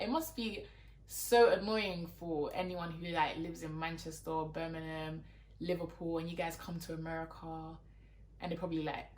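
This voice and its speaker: A young woman with a London accent chatting to camera as a YouTuber, exasperated and talky, leaning on "like" a lot. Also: sits low. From London, England. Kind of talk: casual chat to camera. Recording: roomy echo.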